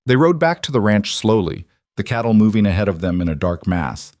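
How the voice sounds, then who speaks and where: A man narrating a western story in a measured, dramatic storytelling manner. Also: lowish voice, big pitch swings, darkish tone, no room sound, studio quality. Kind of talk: scripted audiobook narration.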